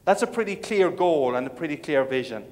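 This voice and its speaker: Irish man, middle-aged, high voice, comic keynote speech, echoing conference hall. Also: lively intonation, brisk, darkish tone. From Ireland. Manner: playful comic storyteller, jokey asides. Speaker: keynote speaker. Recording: long reverb of a large hall.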